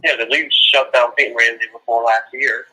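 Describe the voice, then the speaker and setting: A man's voice: medium pitch, steady tone, a little fast, pushed and bright, slightly rough, low-quality recording. A male caller on a call-in show, offering an offhand, hesitant prediction. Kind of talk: phone-in chat.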